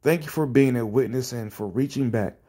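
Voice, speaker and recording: A man's voice: medium pitch, fairly quick, warm tone, slightly rough. A man reacting to viewer comments in a rant that is exasperated, profane and sarcastic. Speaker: commentary streamer.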